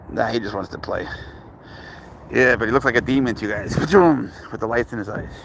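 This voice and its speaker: A man's voice: fairly quick, gravelly, slight background noise. A man from Canada hosting a pet livestream, chatting casually and in slang with viewers and greeting them by where they tune in from. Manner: slangy, shouts out viewers' locations; rises into high playful baby talk with his pet. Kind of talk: casual live chat with viewers.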